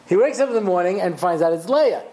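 A man's voice: high voice, animated, fast, warm tone, rough recording. A man, a rabbi, teaching a class in a conversational storytelling way, often checking in with his listeners. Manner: conversational, tells stories acting out the voices, checks in with "yeah?". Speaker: rabbi giving a Torah class. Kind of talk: lecture with storytelling.

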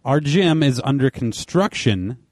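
A man co-hosting a podcast, telling a story in a casual, animated way with plenty of swearing. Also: medium pitch, measured pace, no echo. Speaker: podcast co-host.

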